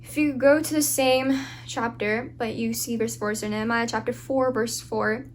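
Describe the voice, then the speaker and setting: A woman's voice: a little high, steady tone, moderate pace, slight background noise. A woman giving an informal devotional talk as a Christian speaker, earnest and full of fillers and restarts.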